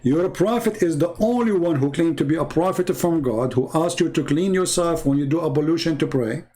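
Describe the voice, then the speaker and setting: A man with a slightly high-pitched voice hosts a live debate stream in a combative, mocking way. He speaks non-native English with loose grammar and answers viewer comments by hammering home one rhetorical question after another. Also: normal speed, warm tone, low-quality recording.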